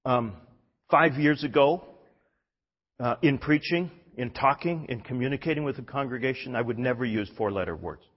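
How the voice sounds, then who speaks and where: A man's voice: mid-range voice, normal speed, husky. A man, a pastor, preaching a sermon in a church hall, emphatic and often restarting his sentences. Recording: dull recording in a reverberant hall.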